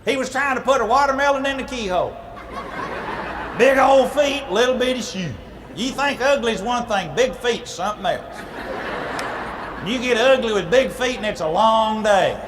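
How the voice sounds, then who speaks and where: A man's voice: very high voice, moderate pace, long reverb tail, noisy background. A man telling a comic fairy tale in a folksy, playful way, adding vocal sound effects. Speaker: speaker at church ladies' night. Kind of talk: comic storytelling.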